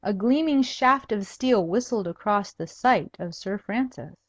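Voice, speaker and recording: A woman reading a humorous old tale aloud as an audiobook narrator, in an even, measured way. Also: medium pitch, no room sound. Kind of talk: storybook narration. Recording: dull dry recording.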